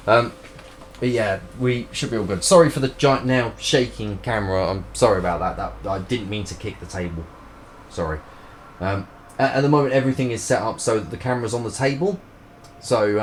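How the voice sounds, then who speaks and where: A man's voice: on the low side, a little hiss or hum. A man, chatting and rambling in a joking way while streaming a video game live. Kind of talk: casual live-stream gameplay chat.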